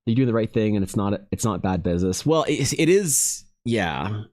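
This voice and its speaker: A man's voice: fairly low pitch, lively intonation, normal speed, a little mellow, no room sound, clean studio sound. A man, an artist, chatting casually with his live-stream audience, rambling and self-deprecating, often talking to viewers by name.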